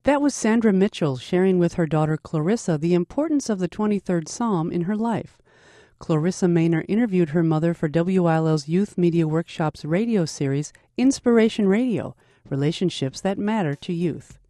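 A radio announcer reading a formal, scripted introduction in a measured, clear way. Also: medium pitch, expressive, mellow, no echo, studio quality.

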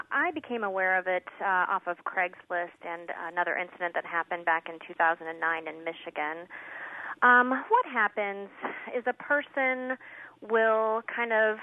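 Woman on a tinny phone line. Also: mid-range voice. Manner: informative, steady, with fillers. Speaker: animal shelter representative. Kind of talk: phone-in interview.

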